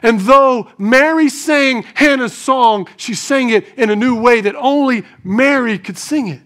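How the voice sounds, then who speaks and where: High-voiced man preaching with energy. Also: a little slow. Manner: animated preaching, swings between soft asides and raised emphasis; rhetorical questions to the congregation. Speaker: pastor. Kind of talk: sermon.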